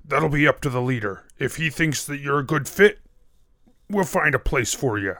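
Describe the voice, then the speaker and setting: A man's voice: mid-range voice, expressive, moderate pace, fairly bright tone, no echo. Orc guard, man doing it, blunt, curt, dry close sound. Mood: stern.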